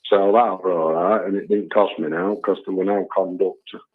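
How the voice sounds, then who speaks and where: A man's voice: low-pitched, fairly even intonation, moderate pace. A man calling in to a talk show, telling a rambling story full of "you know" and "and all that". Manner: chatty, lots of filler tags like "you know" and "and all that". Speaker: phone-in caller. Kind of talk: rambling anecdote on a call-in show. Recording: tinny phone line.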